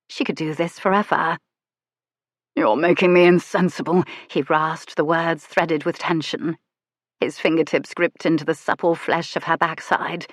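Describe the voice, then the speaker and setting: A woman reads a historical romance audiobook in a soft, measured, intimate voice. Her voice sits fairly low and is recorded close and dry, with no room sound. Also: no room sound. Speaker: audiobook narrator. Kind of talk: scripted romance narration.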